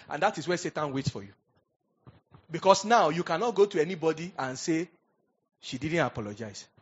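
A man preaching a sermon as pastor, animated, swinging from hushed asides to loud emphatic bursts. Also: on the high side, slightly rough, dull audio.

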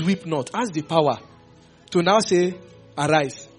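Animated male preacher. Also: a little high, moderate pace, husky, faint music behind. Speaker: pastor. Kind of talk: sermon.

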